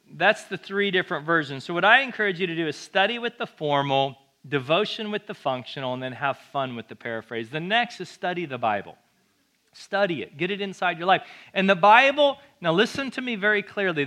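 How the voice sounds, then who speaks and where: Bright, high-voiced energetic male pastor. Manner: energetic, conversational preaching with jokes. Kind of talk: sermon.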